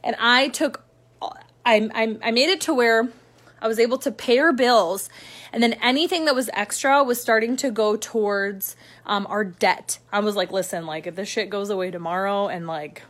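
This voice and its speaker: A young woman talking casually to camera as a mom telling her own story, chatty and full of fillers, dropping to a hush and then rising with excitement. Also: mid-range voice, normal speed. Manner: chatty, filler-heavy, swings between hushed and excited. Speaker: mom sharing her work-from-home story.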